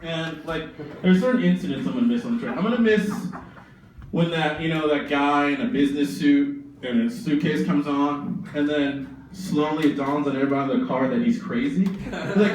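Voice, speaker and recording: A man's voice: fairly high pitch, moderate pace, a little hiss or hum. A man in his twenties from suburban Massachusetts doing a profane, sardonic, rambling stand-up set. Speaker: stand-up comedian. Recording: very echoey room, distant mic, faint ambience.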